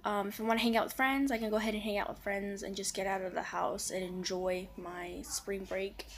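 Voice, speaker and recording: A teenager with a female voice opens up to the camera in a confessional vlog. The delivery is subdued and halting, full of fillers and restarts as thoughts wander. A faint hiss sits under the recording. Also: mid-range voice, little pitch movement. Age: teens. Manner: hesitant and rambling, with many fillers and restarts. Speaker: vlogger.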